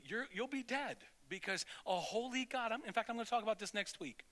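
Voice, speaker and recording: A man as pastor, delivering a sermon as an animated story with many restarts. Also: high voice, fast talker, hardly any pauses. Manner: storytelling, animated, self-interrupting.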